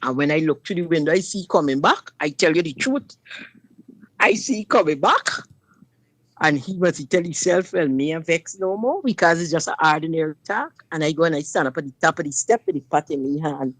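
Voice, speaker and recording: A woman recounts her own story in an emphatic, forthright way, often turning to address the listener directly. Her voice sits fairly low, and the recording is dry and close. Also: animated, brisk, dry recording. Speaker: guest sharing personal story. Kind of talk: personal testimony on a talk show.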